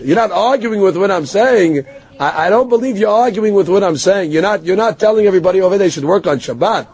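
Quick and expressive, the rabbi's high, somewhat mellow voice carries a breathy edge. He leads a Torah lecture full of stories and explained Hebrew quotations, and meets a heckler's interruption with humor at his own expense.

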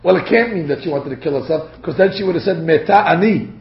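A man's voice: on the high side, quick pace. A man teaching a Torah lecture to a class, acting out the quotes as he goes. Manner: animated, acts out quotes. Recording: dull lo-fi lecture recording.

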